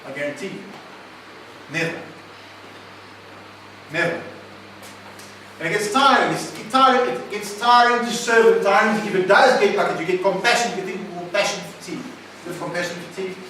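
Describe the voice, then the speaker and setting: A man's voice: high-pitched, fast talker, few pauses, pushed and bright, a little hiss or hum. A man preaching a sermon, emphatic and often questioning his listeners. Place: recovery centre meeting room. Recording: echoey room, mic at a distance.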